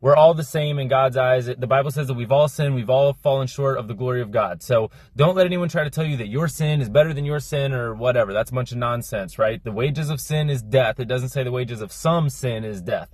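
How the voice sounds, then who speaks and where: A young man explaining a Bible story in a fast, casual, slangy monologue, cramming it in with lots of energy. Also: medium pitch, darkish tone, dry recording, studio quality. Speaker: Christian content creator.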